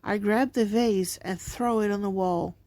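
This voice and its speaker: A woman hosting a channel, narrating a scripted scary story in a slow, deliberate reading voice. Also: medium pitch, fairly even intonation, a little mellow, dry recording. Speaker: channel host and story reader.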